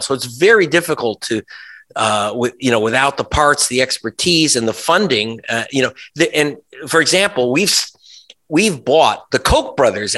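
A man speaking as a journalist guest in a conversational interview. His voice is bright and forceful at a middling pitch. He argues emphatically, with dry sarcasm, frequent restarts and quick asides.

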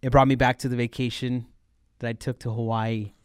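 A man from Arizona, co-hosting a casual chat and telling stories in an animated way. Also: medium pitch, brisk, clean tone, no room sound, studio quality. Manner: chatty, animated storyteller. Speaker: podcast co-host.

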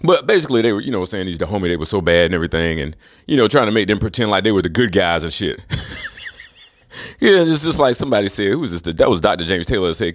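A man's voice: deep voice, expressive, fast talker, dry recording, studio quality. A man rambling through a profane, scornful monologue, chuckling between remarks.

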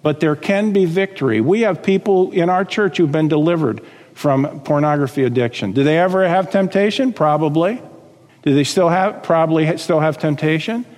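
A male pastor preaching a sermon, reading scripture and acting out quotes with lively emphasis. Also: fairly high pitch, normal speed, in a large hall.

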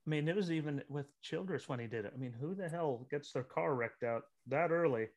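Animated man in casual racing chat. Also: on the high side, fairly quick, crowd noise. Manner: animated, acts out scenes with rhetorical asides. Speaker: podcast host.

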